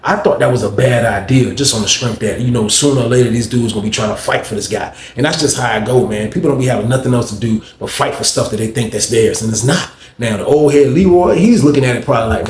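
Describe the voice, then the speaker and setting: A man's voice: mid-range voice, fast talker, hardly any pauses, a little mellow. A young man telling a rambling, slangy story in a casual way, tossing in "man" and "you know what I mean" often. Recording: roomy echo with faint background noise.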